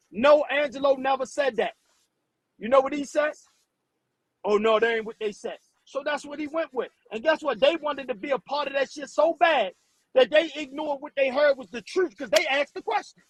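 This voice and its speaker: Hosting a live stream, a man vents in a heated, blunt, profane rant at a moderate pace, his voice very high-pitched. He stumbles over repeated words when worked up, and the rough recording has no room sound.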